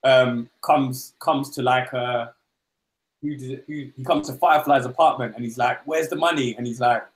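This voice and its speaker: A man's voice: medium pitch, steady tone, moderate pace, reverberant. A man co-hosting a comic book podcast, rambling casually and acting out dialogue in goofy voices. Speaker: podcast co-host.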